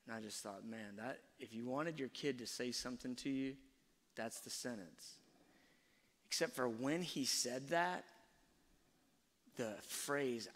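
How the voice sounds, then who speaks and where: Middle-aged man, husky and gravelly, earnest soft-spoken storyteller, hall echo. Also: medium pitch, expressive, unhurried. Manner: soft-spoken, earnest, often trailing off quietly. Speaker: speaker sharing a parenting story. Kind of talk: reflective personal storytelling talk. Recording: long hall reverb.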